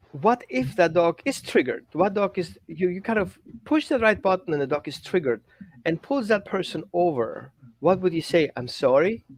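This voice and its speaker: A man, a dog trainer, in casual chat, animated and acting out other people in exaggerated voices. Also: on the high side, dry recording.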